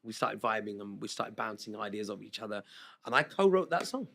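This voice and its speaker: Bright-voiced man. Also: on the low side, sing-song, brisk, gravelly, a little hiss or hum. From Southall, London. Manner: chatty, re-enacts dialogue with "he goes" and "I was like". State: slightly worn voice after shows. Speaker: guest singer. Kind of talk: casual storytelling interview.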